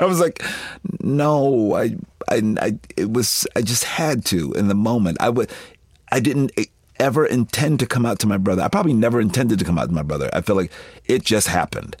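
A man's voice: sits low, breathy edge, no echo. A man in his fifties, a guest in an interview, candidly telling family stories and laughing often as he acts out relatives' voices. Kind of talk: candid personal storytelling.

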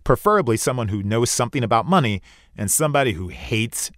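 A man's voice: mid-range voice, lively intonation, fast talker, a bit bright, no room sound, clean studio sound. A man in his forties narrating a radio feature as a reporter, wry and self-deprecating. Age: 40s.

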